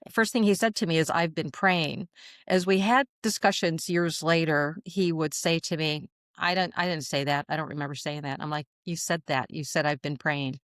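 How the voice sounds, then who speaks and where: A woman's voice: low voice, steady tone, normal speed, a bit bright, dry recording, clean studio sound. A woman in her sixties telling a long personal story as a podcast guest, chatty with frequent laughs and fillers. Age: 60s. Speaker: guest channeler.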